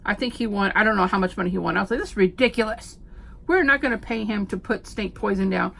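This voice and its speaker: A middle-aged woman, a homeschooling mom telling stories in a chatty, animated vlog. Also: mid-range voice, fast, gravelly, husky. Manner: chatty, animated storyteller with frequent fillers. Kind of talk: casual chat.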